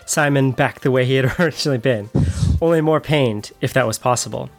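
A man narrating a novel in a plain, steady reading. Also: medium pitch, a little fast, gravelly, soft background music.

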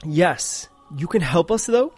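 A man voicing an earnest, heroic hunter with a steady, slightly formal delivery while reading a storybook aloud. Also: fairly high pitch, slow pace, slightly rough, faint music behind, pitched above the performer's own voice, exaggerated voice.

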